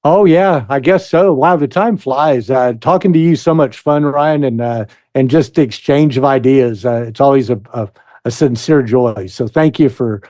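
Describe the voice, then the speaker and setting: A man's voice: medium pitch, mellow, dry recording, studio quality. An American man speaking as a guest musician in a casual interview, hesitant and full of fillers. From United States. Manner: slow, hesitant, many fillers.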